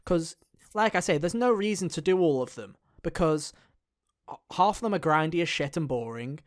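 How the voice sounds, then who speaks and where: A man's voice: fairly high pitch, lively intonation, normal speed. A man chatting casually on a gaming podcast, rambling and swearing with lots of fillers. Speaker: podcast co-host.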